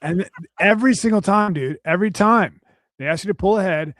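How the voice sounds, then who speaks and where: A man's voice: sits high, a little fast, a bit bright, no room sound. A man co-hosting a casual podcast, ranting and cursing with lots of restarts. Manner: profane, ranting, rambling with restarts. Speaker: podcast co-host.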